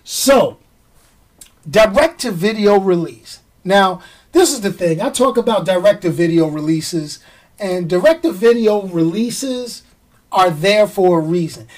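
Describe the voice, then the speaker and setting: Slow, ranting middle-aged woman film host. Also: mid-range voice, distant mic. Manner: animated, slangy, stretches words for emphasis. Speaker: movie show host.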